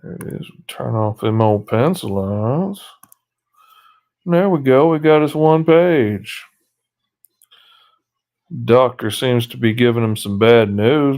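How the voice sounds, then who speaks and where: A comic artist, a man, casually narrating in a folksy, relaxed way as he inks a page. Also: medium pitch. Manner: folksy, relaxed commentary on his own work. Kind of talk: casual narration while inking.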